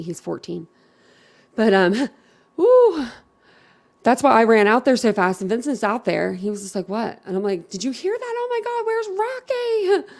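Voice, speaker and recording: A woman from Philadelphia hosts a live stream, talking to her viewers in a loose, rambling and outspoken way. Her voice sits at an ordinary middle pitch but carries a gravelly fry. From Philadelphia, USA. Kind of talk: casual live-stream chat.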